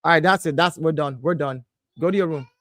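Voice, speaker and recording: Guy in his 30s doing a chatty live stream from his home office, dry close sound, excitable, keeps breaking off to tell his kids off. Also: a little high, a little fast, no echo. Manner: animated, breaks off to scold his kids and greet viewers. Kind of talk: casual live-stream chat.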